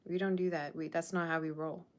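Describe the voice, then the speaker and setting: Deep-voiced and fairly quick, a woman keeps a level tone while giving a casual tarot reading to her viewers. She comes from a Persian Russian background and is blunt and sassy as she scolds them about their standards.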